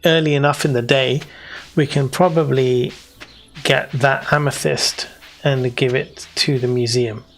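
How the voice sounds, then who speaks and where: A man's voice: mid-range voice, steady tone, unhurried, a bit bright. A man with a British accent giving casual, rambling gameplay commentary as a let's play host. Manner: chatty, rambling, self-teasing.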